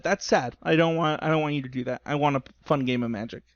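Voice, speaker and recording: A man's voice: medium pitch, fast talker, hardly any pauses, no echo, highs cut off. A man co-hosting a podcast in casual chat, rambling and self-deprecating, talking openly about his feelings. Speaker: podcast co-host. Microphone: remote call recording.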